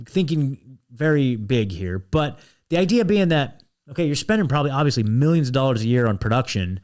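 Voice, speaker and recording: A man's voice: on the high side, a little mellow. An American man hosting a commentary show, ranting bluntly with restless restarts and asides. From United States. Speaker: host.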